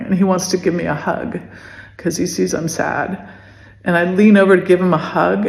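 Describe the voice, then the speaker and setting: A woman in her fifties recalling a painful memory in a soft, emotional way, halting with many restarts and pauses. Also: fairly low pitch, creaky. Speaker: podcast host telling her story. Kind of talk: personal recollection. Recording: echoey room with long reverb.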